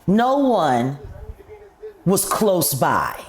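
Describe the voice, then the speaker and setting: A woman's voice: on the low side, huge pitch swings, extremely slow, over a noisy crowd. A woman hosting an interview who stops to recap and check the facts for her audience. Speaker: talk show host.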